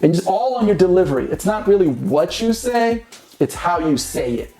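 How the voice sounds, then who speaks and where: A man's voice: high voice, animated, moderate pace, a crowd in the background. A man hosting a casual dating advice monologue, who keeps checking in with "you know what I mean?".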